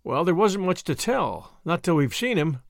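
A man's voice: sits high, sing-song, moderate pace, gravelly, no room sound, clean studio sound, full character voice. A man voicing a level-headed young man who talks in an easygoing, matter-of-fact way.

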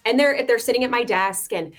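A woman with a notably high voice talks as a podcast guest who runs a mortgage business. She speaks with animation and slips into quick impressions of anxious clients. Faint music plays behind her. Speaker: guest, mortgage company owner. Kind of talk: casual chat.

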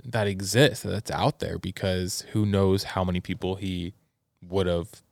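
A man co-hosting a true crime podcast, reacting in short, halting comments. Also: low-pitched, fairly even intonation, gravelly, dry recording, studio quality. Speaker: podcast co-host. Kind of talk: casual chat.

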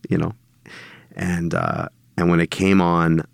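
A man, a songwriter and producer, talking casually as an interview guest, telling lively stories and laughing often. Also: deep voice, slow, creaky, smooth, no echo, clean studio sound. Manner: animated storyteller, laughs often, mimics singers.

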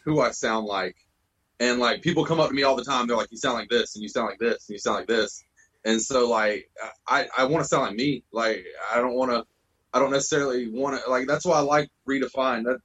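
A man with a husky, slightly breathy voice talks fast and loose. He is animated, swears freely and throws "bro" into nearly every thought, like a band guest chatting on a podcast. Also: mid-range voice, highs cut off. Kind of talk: casual chat.

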